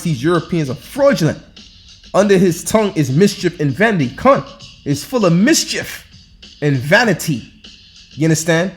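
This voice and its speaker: A man preaching informally over scripture, hectoring and repeating himself with rhetorical questions and colloquial restarts. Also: high-pitched. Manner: loose, colloquial delivery with frequent restarts. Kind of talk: informal scripture-reading sermon.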